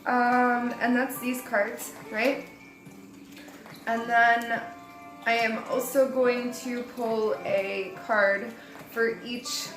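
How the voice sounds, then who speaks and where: A chatty young woman with a fairly high voice talks her way through a tarot reading, rambling and light. The room is echoey, and music plays clearly behind her. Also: level tone, drawn-out words. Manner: chatty and rambling, laughs at herself. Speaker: tarot reader. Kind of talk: casual spoken tarot reading.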